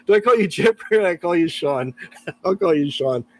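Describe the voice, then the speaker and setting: A man's voice: sits high, lively intonation, moderate pace, no room sound, poor audio. Chatty, laughing male livestreamer. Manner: chatty, laughs often, reads out chat messages. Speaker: guitar repair livestreamer. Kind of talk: casual live-stream chat.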